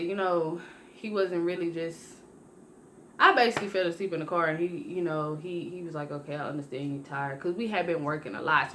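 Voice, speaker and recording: Young woman vlogger w a lowish voice, chatty rambling storytime, keeps restarting, bit of faint noise behind. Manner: rambling, conversational, with many restarts and self-corrections; lively when acting out her own past lines. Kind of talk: casual storytime.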